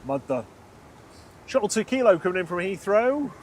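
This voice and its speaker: A man's voice: a little high, lively intonation, moderate pace, slight background noise. A man co-hosting a live plane spotting stream, calling out arriving aircraft, reading viewer messages and joking with his partner. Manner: jokey, calls aircraft and reads chat. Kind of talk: casual commentary.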